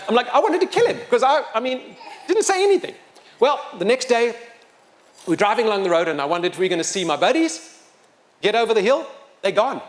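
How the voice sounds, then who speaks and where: A man's voice: high voice, brisk. A man telling a story live to an audience, acting out the people in it. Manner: animated, acts out the people in his story. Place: open-air pavilion.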